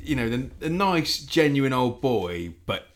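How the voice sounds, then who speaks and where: A man's voice: mid-range voice, very animated, a little slow. A man, co-hosting a casual beer chat in an easygoing, agreeable way. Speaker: podcast co-host.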